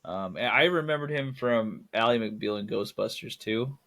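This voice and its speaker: A man's voice: fairly low pitch, normal speed, fairly bright tone. A young man co-hosting a casual film podcast, rambling and correcting himself, laughing at his own jokes. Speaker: podcast co-host.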